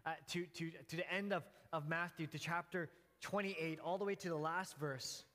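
A man preaching a sermon, telling a story in an earnest way, pausing and restarting as he goes. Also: a little high, sharp tone. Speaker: pastor. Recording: long hall reverb.

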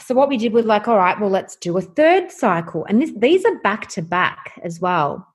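A woman's voice: mid-range voice, moderate pace, slightly rough. A woman, a guest candidly telling a personal story and acting out the conversations in it. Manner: animated, acts out quoted dialogue. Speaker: guest sharing her story.

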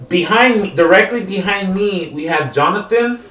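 Male podcast storyteller, slangy and animated, higher voice, off-mic and echoey. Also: moderate pace, recorded from a distance. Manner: animated, slangy, acts out the characters. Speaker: podcast co-host. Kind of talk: casual storytelling. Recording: roomy echo, off-mic.

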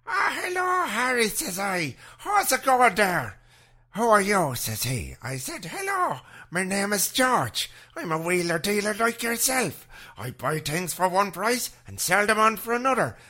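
A chatty male wheeler-dealer, played by a man, spinning a rambling yarn with a jaunty lilt. The voice is bright and pitched above a plain speaking voice, and it swoops up and down often. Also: heavily acted.

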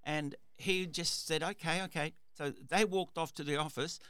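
A man's voice: a little high, fairly even intonation, normal speed, fairly bright tone, clear, resonant tone, no echo. A man hosting a radio talk show, telling a story in a rambling way, with repeated words and restarts. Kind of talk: casual storytelling monologue.

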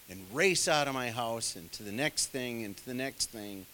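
A man's voice: mid-range voice, expressive, measured pace, a bit bright, slight background noise. A man preaching a sermon in a conversational way, full of asides to the congregation. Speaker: pastor.

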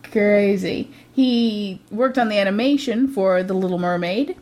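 A woman's voice: medium pitch, measured pace, a little mellow. A woman co-hosting a casual movie review podcast, teasing and skeptical, often laughing at her partner. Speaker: podcast co-host.

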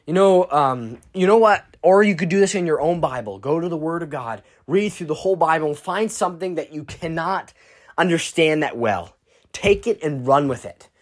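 A teenage preacher giving an informal sermon, earnest and halting, with frequent restarts and bursts of excited emphasis. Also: mid-range voice. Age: teens.

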